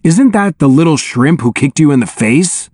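A man voicing Nussbaum, a cocky, excitable teenage boy who crows and mocks. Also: on the high side, normal speed, breathy edge, dry recording, clean studio sound. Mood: gleeful. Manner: crowing, mocking.

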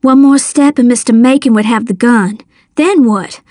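A woman narrating a story in the first person, measured and dramatic. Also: a little high, darkish tone, dry recording, studio quality. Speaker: audiobook narrator.

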